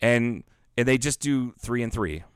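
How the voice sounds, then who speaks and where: A man's voice: medium pitch, animated, unhurried, smooth, dry recording, clean studio sound. A man co-hosting a podcast, telling a long rambling story in casual chat, swearing freely and acting out the lines. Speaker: podcast co-host.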